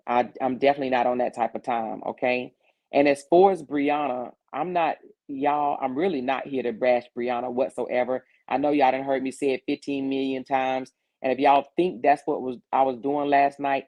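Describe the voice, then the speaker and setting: Gravelly-voiced woman hosting a livestream. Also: extremely low pitch, darkish tone. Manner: greets viewers one by one by name; earnest and repetitive when explaining. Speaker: livestream host. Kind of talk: casual livestream chat.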